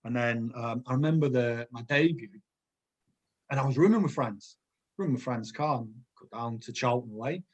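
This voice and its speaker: A middle-aged man, a former footballer, casually telling animated anecdotes as a podcast guest and laughing often. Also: medium pitch, moderate pace. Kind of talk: casual storytelling.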